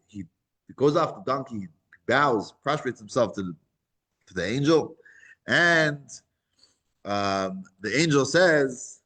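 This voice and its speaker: A man teaching a scripture class, retelling the story with lively animation and acting out the voices. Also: mid-range voice, slow, pauses often.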